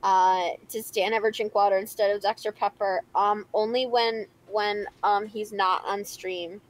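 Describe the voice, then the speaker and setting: A woman's voice: mid-range voice, fairly even intonation, a little slow, rough recording. A woman chats casually on a live stream, reading out viewer questions and answering them. Her talk is playful and rambling, full of giggles and "um"s. She sounds like she is in a home studio. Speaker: stream co-host reading chat.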